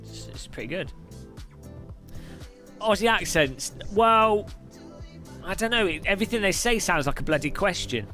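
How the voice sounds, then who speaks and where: A man's voice: high-pitched, lively intonation, takes it slowly, pauses often, pushed and bright, faint music behind. A man chatting casually on a live sim racing stream, reading viewers' messages aloud and laughing often.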